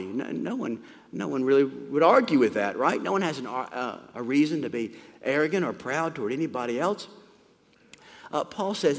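A man delivers a sermon with lively, emphatic preaching that rises high on key lines and drops soft on reflective ones. His voice sits a little high for a man. The sound carries the long reverb of a large hall. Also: moderate pace. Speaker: pastor.

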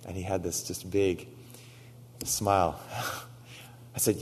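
A man preaching in a low-pitched voice, recorded in a big hall with a long, ringing reverb. He tells a story through quoted back-and-forth dialogue, and he grows loud and emphatic when he presses his points. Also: fairly even intonation, measured pace, slightly rough. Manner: storytelling, quoting dialogue, rising to emphatic exhortation. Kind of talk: sermon.

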